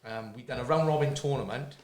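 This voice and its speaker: A man's voice: medium pitch, fast, a little mellow. A man, a fight coach, speaking earnestly and emphatically, repeating words as he makes his point. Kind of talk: casual chat. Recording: echoey room, faint noise.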